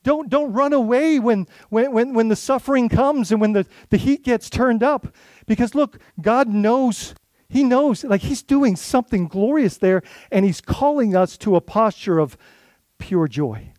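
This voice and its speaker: Lead pastor, male, high voice, dry close sound; conversational sermon with rhetorical questions. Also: lively intonation, a little slow, a little mellow, no room sound. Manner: conversational preaching with rhetorical questions and many restarts.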